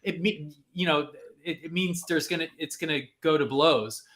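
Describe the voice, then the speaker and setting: A man on a podcast telling a personal story in a casual, animated way, acting out the people he quotes. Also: a little high, normal speed. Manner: animated, acts out quotes with lots of fillers. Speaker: podcast host.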